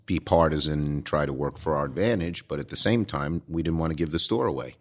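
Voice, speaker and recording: Older Brooklyn man, very deep, blunt and emphatic in interview. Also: lively intonation, a little fast, hardly any pauses. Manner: direct, emphatic storytelling with quoted dialogue. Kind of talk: relaxed interview answers.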